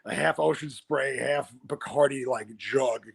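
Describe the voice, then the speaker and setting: A man in his thirties telling backstage wrestling stories in a casual, animated way, acting out the voices of the people he quotes. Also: medium pitch, unhurried, vocal fry, breathy edge. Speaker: guest wrestler. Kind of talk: casual storytelling.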